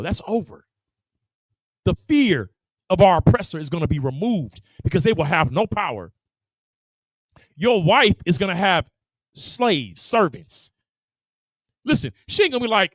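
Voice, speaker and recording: Lively high-voiced man preaching. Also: moderate pace, pauses often, dry recording, rough recording. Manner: animated, laughing, acting out voices. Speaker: religious teacher.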